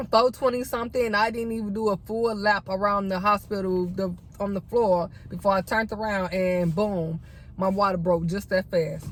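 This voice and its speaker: Chatty young woman telling a story. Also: mid-range voice. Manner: chatty, addresses viewers as y'all. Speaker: vlogger. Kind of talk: storytime mukbang chat.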